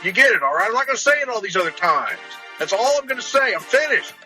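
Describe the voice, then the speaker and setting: A man's voice: high voice, very animated, quick pace, sharp tone, full character voice, rough recording. A man doing an impression of an older wrestling announcer, half speaking and half singing comic parody lyrics over music. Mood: blustering. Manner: half spoken, half sung, emphatic and declaiming. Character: older male wrestling announcer, folksy and blustering. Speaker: podcast host.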